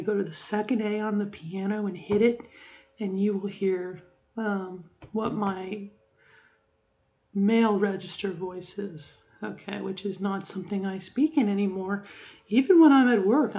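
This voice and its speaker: A middle-aged woman speaks in a rambling, reflective way, circling back with fillers and restarts as she records a personal video diary. Her voice sits at a middling pitch. The audio is a little dull and lo-fi. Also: mellow. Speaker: vlogger.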